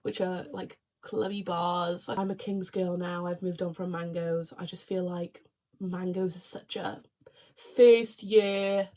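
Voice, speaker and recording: A woman's voice: fairly low pitch, steady tone, mellow. A young woman from Wales, a university student, chatting casually to camera in a bubbly, rambling way. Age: young adult. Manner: chatty, bubbly, with quick asides. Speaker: vlogger, marine biology student.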